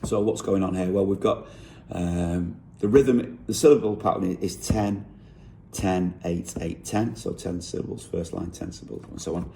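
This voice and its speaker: A man with a low, gravelly voice talks through the lyrics he wrote. His tone is dark and mellow, and he thinks aloud, often pausing to correct himself as he breaks down rhyme and rhythm. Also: a little hiss or hum. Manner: thinking aloud, unhurried, with frequent self-corrections. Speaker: songwriter. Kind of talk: explaining how he wrote a song lyric.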